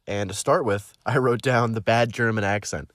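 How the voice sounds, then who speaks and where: A man's voice: lowish voice, moderate pace, no echo, clean studio sound. A young man who narrates audiobooks, talking casually to his listeners after finishing a book, rambling with lots of fillers and restarts. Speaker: audiobook narrator and channel host.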